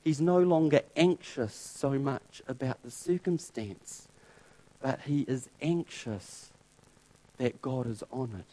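A man preaching a sermon, emphatic and dramatic, repeating phrases for force and swinging between loud and hushed. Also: mid-range voice, slow pace.

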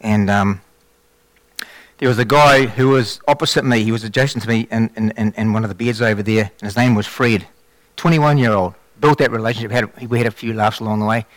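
A man telling a faith testimony in a sermon, with animated storytelling and frequent restarts. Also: on the low side, a little fast, no room sound. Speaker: lay preacher giving testimony.

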